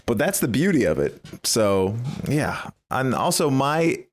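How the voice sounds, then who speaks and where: A man's voice: medium pitch, big pitch swings, unhurried. A man co-hosting a casual sports podcast, riffing playfully with jokes. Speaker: podcast co-host. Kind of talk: casual chat.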